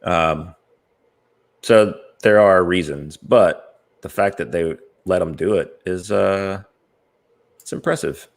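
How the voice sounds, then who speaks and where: Deep gravelly American man hosting. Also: takes it slowly, long pauses. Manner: rambling, many fillers, laughs easily. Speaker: podcast host. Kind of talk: casual chat.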